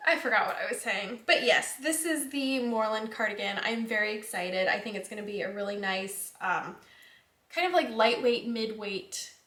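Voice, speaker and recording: A young woman hosts her knitting vlog in a loose, chatty way, trailing off and circling back with plenty of likes and ums. Her voice sits a little high, and the room around her rings with a noticeable echo. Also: normal speed, fairly bright tone. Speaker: knitting podcast host. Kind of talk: casual chat. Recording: echoey room.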